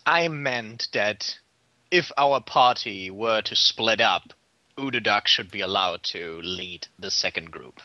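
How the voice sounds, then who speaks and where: Low-voiced man, a player on a dull recording. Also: slow, sharp tone, dry recording. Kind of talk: tabletop role-play. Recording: dull lo-fi sound.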